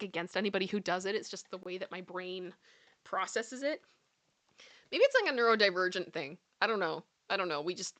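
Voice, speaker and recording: A woman's voice: mid-range voice, fairly bright tone. A woman hosting a live commentary chat, chatty and giggly, often repeating her phrases. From Canada. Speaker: commentary show host.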